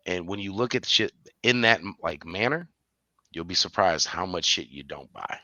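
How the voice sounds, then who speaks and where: A man co-hosting a podcast, chatting casually and telling stories animatedly, with bursts of high-pitched laughter. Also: expressive, normal speed, sharp tone, dry recording, muffled recording. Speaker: podcast co-host. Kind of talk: casual chat.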